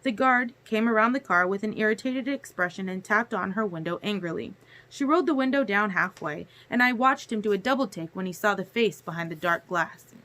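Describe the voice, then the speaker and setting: A woman narrating a novel chapter aloud in a steady storytelling manner. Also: mid-range voice, fairly quick. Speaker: audiobook reader. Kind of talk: audiobook narration.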